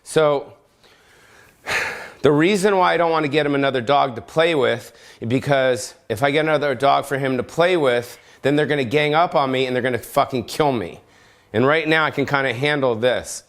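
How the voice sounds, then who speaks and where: A man's voice: mid-range voice, normal speed. A man hosting his own podcast, rambling profanely and jokingly in an unplanned rant at home. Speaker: comedian podcast host. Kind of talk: casual unscripted rant.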